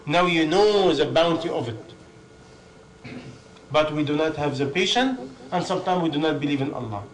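A man's voice: a little high, expressive, moderate pace, poor audio. A man preaching a sermon in non-native English, driving his points home with stacked lists and rhetorical questions.

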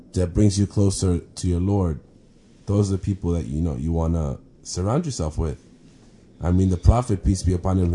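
Low-voiced man telling a story, noisy ambience. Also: dark tone. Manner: halting, restarts and repeats words, many fillers. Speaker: speaker sharing a personal faith story. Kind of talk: casual personal storytelling. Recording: clear background ambience noise.

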